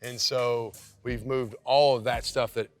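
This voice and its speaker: A man's voice: medium pitch, fairly even intonation, dry recording, soft background music. A man in his forties, a head football coach, telling stories and giving a tour in an easygoing, chatty way. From Kentucky. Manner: easygoing storyteller, quick asides. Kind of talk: casual interview and facility tour.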